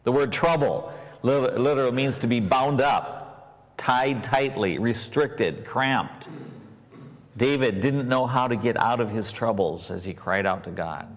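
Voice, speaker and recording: Slow, deliberate man preaching in a reverberant hall. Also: medium pitch. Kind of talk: sermon.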